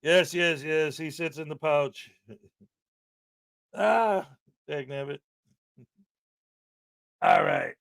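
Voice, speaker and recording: A man from the American Midwest hosting a live stream in casual chat, boisterous and given to loud hype shouts and laughter. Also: fairly high pitch, sing-song, extremely slow, creaky, long pauses. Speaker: livestream host. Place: house in Florida.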